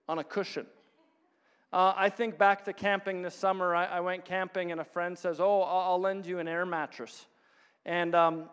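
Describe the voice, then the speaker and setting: High-voiced man preaching in reverberant hall. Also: a bit bright, smooth. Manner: storytelling, chuckles often, plays out voices of others. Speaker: pastor. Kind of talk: sermon. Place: church hall.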